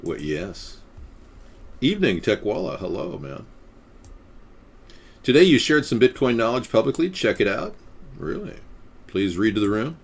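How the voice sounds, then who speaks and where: A man's voice: medium pitch, big pitch swings, unhurried, gravelly, long pauses, breathy edge. A young man hosting a live stream, loosely chatting with many fillers and reading an article aloud.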